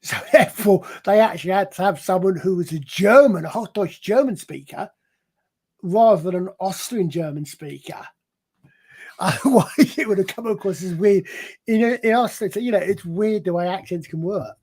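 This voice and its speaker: A man's voice: high-pitched, animated, moderate pace, darkish tone, breathy edge. A man in a casual panel chat, explaining things at length in a rambling, digressive way with many restarts. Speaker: panel guest.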